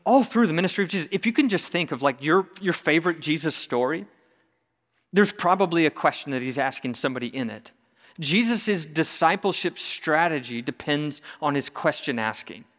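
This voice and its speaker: A man preaching a sermon in a conversational, animated way with touches of humor. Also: on the high side, moderate pace, long reverb tail. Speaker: pastor.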